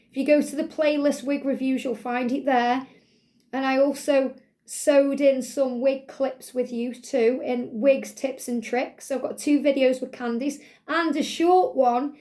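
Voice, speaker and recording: A middle-aged woman with a high voice talks through a product review, chatty and rambling. She gushes over what she shows and wanders between thoughts in an easy vlog manner. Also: darkish tone. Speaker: wig vlogger.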